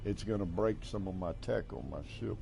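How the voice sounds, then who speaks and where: Gravelly older American man gaming. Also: low voice, mellow, soft background music. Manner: drawling, folksy, halting restarts. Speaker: gaming streamer. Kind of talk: casual chat while playing.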